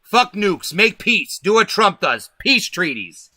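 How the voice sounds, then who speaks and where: Man hosting a livestream, high and piercing voice, dry close sound, preachy profane ranting. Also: very animated, slow, sharp tone, dry recording. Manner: profane, emphatic, preaching to viewers. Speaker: livestream host. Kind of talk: ranting political livestream monologue.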